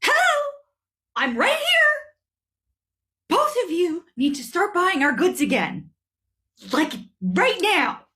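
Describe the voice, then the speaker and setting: A woman voicing a petulant, bossy male national leader who demands and shouts like a child in a comedy sketch. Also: very high voice, very animated, takes it slowly, full character voice. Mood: whiny.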